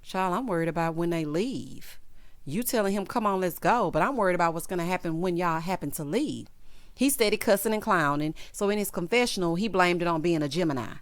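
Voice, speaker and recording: A woman's voice: lowish voice, animated, a little fast, no echo. A woman giving a sassy, opinionated reality TV recap, acting out quotes in character. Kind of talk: casual recap commentary.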